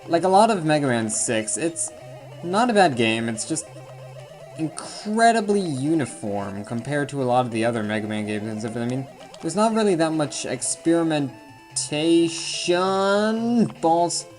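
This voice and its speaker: A man's voice: on the high side, very animated, unhurried. Casual male let's-player, jokey and self-mocking, faint game music underneath. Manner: rambling, self-deprecating, jokey asides. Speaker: let's play commentator. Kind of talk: casual gameplay commentary.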